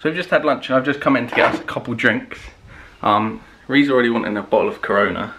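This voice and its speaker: A young man vlogs casually to camera in a mid-range voice, talking fast and rambling with plenty of fillers and restarts. The background is noisy.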